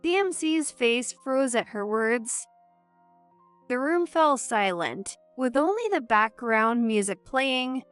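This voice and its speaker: Woman reading a family drama story, slow and steady, clear smooth voice, light music underneath. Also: fairly high pitch, no room sound. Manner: even, measured storytelling. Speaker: narrator. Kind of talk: first-person story narration.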